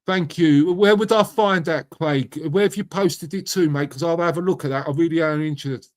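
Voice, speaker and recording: A middle-aged man hosts a relaxed live chat and speaks with a fairly high voice. He is matey and swears without holding back, and he calls out his viewers one by one by name. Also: moderate pace. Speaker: live stream host reading chat. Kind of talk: casual chat.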